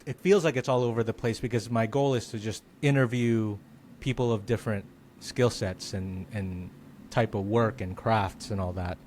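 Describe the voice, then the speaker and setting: Man, podcast host, casual chat, reflective, thinks out loud, lots of fillers. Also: mid-range voice. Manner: reflective, thinking aloud with many "like"s. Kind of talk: casual conversation.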